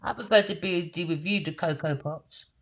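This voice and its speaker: A woman gives a casual tarot reading, brash, profane and mocking, laughing often as she swings between low muttering and loud, high bursts. She speaks at a moderate pace.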